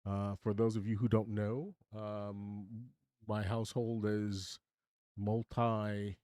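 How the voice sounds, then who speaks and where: Rambling older man, low and mellow. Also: flat delivery, a little slow, no room sound, studio quality. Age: 60s. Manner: rambling, chatty, self-deprecating, with many restarts. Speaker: livestream host. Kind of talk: casual livestream chat with viewers. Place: home studio.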